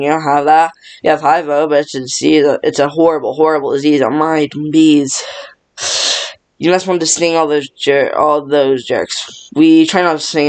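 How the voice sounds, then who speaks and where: A man reading a film script aloud by himself, rushing and stumbling through every part. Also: a little high, clean tone. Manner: rushed, stumbling reading with little change between parts. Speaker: script reader.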